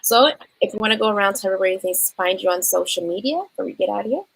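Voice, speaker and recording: A woman with a mid-range voice hosts a casual panel over a video call. She moves things along in a relaxed way, with faint hiss in her audio. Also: mid-range voice, racing, gravelly, rough recording. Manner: relaxed, wraps up with plugs. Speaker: show host. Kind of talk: hosting a panel chat.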